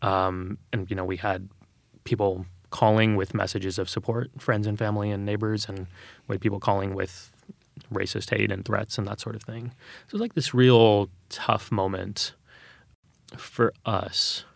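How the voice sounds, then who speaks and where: This Texan interview guest thoughtfully recounts stories from his own life, sincere and full of fillers. He has a lowish, creaky voice with a level tone and speaks at a normal speed, recorded without any room sound.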